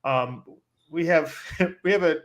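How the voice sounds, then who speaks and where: A man with a somewhat higher voice for his sex spins a rambling, animated story on a casual podcast. He talks loosely and leans on "like" as he goes, with the easy tone of a co-host chatting with a friend. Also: takes it slowly. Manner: animated storyteller, heavy use of "like".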